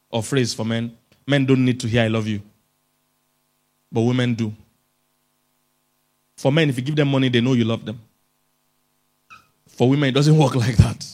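A man gives a lively, joking talk as a relationship expert. He pleads with his listeners and laughs between points, in an ordinary mid-range male voice. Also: mid-range voice. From Africa. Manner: jokey, coaxing the audience, chuckles often. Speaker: relationship expert speaking at a conference. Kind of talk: humorous motivational talk to an audience.

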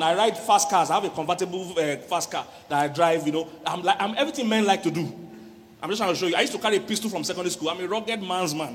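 A middle-aged man, a relationship coach giving a lively church sermon on marriage, often laughing and acting out voices. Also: high voice, in a large hall, a little hiss or hum. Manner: animated, laughing, acts out quoted voices.

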